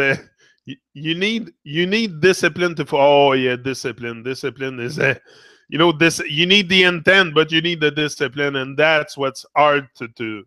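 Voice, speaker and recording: Bright-voiced man with a French accent. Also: a little high, no room sound. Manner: rambling, self-correcting, earnest. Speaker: motivational vlogger. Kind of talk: casual live motivational talk.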